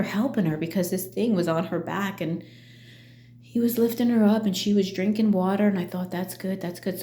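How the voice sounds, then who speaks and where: Middle-aged woman, halting casual vlog talk, low mellow voice, echoey room, faint hum. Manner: halting, full of fillers and restarts. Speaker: vlogger.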